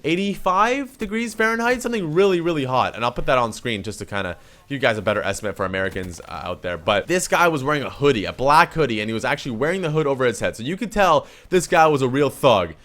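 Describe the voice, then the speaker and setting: A man's voice: medium pitch, quick pace. Young Canadian man telling a story. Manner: animated, swears freely, acts out quoted lines. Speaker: vlogger. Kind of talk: casual storytelling to camera.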